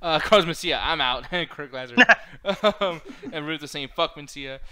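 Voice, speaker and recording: A man's voice: fairly high pitch, moderate pace, a crowd in the background. A man hosting a casual podcast chat, laughing often and swearing casually. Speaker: host.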